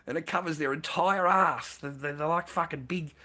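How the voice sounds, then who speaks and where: Brash male stream host, profane rambling, bright tone. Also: a little high, moderate pace. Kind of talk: crude rambling monologue.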